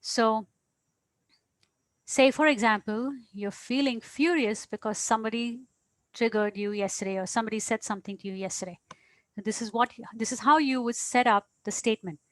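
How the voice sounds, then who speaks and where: Higher-pitched woman coaching step by step. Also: moderate pace, fairly bright tone, dry recording. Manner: patient, explanatory, with small hesitations. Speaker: astrologer and coach. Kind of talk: teaching a self-help technique step by step.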